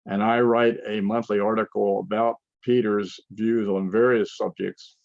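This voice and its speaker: An older man giving a conference lecture with slides, talking in a halting way with frequent restarts and fillers. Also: on the low side, flat delivery, gravelly, a little mellow, no room sound, highs cut off. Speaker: conference speaker.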